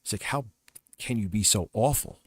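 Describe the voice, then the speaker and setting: A man's voice: fairly low pitch, normal speed, breathy edge, dry recording. Man, livestream host, casual commentary, rambling, mocking, dry sound.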